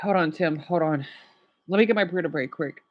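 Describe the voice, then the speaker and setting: A man's voice: fairly high pitch, brisk, muffled recording. A man from Arizona, chatting casually with livestream viewers in a rambling, emotional, apologetic way. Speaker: livestream host.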